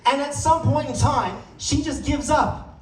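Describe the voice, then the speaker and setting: A man doing a stand-up comedy set on stage, playful and animated as he works the crowd. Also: very high-pitched, measured pace. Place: comedy stage before a live audience. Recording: roomy sound from a distant mic.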